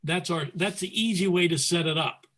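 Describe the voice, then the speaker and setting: A man presenting a square dance calling lesson over a video call, explaining methodically and calling moves in crisp, clipped commands. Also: sits high, moderate pace, fairly bright tone. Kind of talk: teaching talk, calling demonstration calls.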